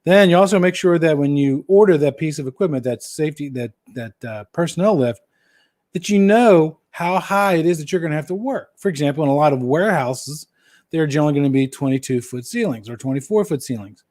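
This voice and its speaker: A man with a slightly higher-than-average voice hosts a casual live-stream Q&A and answers viewer questions. His delivery is folksy and jokey. He often repeats key phrases to drive them home. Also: expressive, fairly quick, a little mellow.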